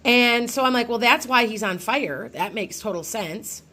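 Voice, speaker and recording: A woman's voice: on the high side, expressive, moderate pace, pushed and bright. A middle-aged woman, a psychic medium, telling a personal ghost story to her followers in a casual, rambling way with many restarts.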